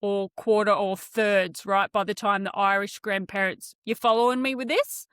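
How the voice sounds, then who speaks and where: A woman tells a story in casual chat, animated, swearing and checking in with "right?" again and again. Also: medium pitch, moderate pace, clean tone, no room sound, clean studio sound. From Australia.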